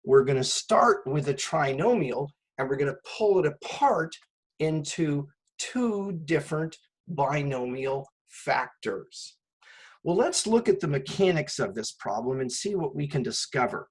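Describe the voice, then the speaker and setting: This man's voice is on the high side, husky and animated, and he keeps a measured pace while teaching math. He explains patiently step by step, often asking rhetorical questions first and answering them after; the audio is poor.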